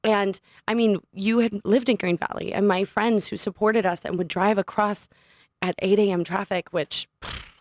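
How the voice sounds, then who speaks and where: A young adult woman, a podcast guest, telling a personal story in an animated, casual way and laughing often. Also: medium pitch, normal speed, no echo, clean studio sound. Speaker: podcast guest, studio owner. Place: podcast studio.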